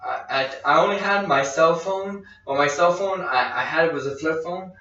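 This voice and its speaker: A man tells a long personal story, stumbling over restarts and acting out what others said. His voice is bright and carries. It comes from a distance in a very echoey room through a dull, lo-fi mic. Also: fairly high pitch, moderate pace. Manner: rambling anecdote with quoted dialogue and restarts. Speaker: podcast host. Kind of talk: casual storytelling chat.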